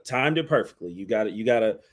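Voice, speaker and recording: A man's voice: fairly low pitch, animated, fast. Man, podcast co-host, easygoing, laid-back, casual chat.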